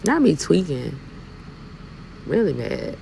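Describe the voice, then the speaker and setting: Southern woman trucker, sassy vlog chat, heavy vocal fry, faint road noise in the cab. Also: low-pitched, big pitch swings, slow, dark tone, poor audio. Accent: Southern US, Alabama. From Alabama, US. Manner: talkative, sassy, addresses viewers as y'all. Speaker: truck driver vlogger. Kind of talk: casual chatty vlog while driving. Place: inside a truck cab while driving.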